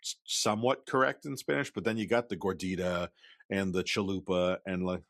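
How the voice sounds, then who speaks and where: A man co-hosting a podcast, talking in a relaxed, measured way and sometimes trailing off. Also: low-pitched, no room sound, studio quality. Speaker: podcast co-host. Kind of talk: casual chat.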